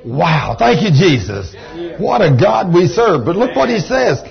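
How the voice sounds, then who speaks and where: A man's voice: sits high, very animated, measured pace, gravelly. A Texan man preaching a sermon, folksy, rambling and enthusiastic. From Texas. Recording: dull lo-fi recording.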